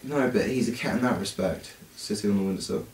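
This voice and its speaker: Young male co-host, chatty and halting, recorded far off in a roomy space. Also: lowish voice, a little mellow, a little hiss or hum. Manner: hesitant storyteller, many fillers. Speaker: podcast co-host. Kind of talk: casual chat. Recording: roomy, distant mic.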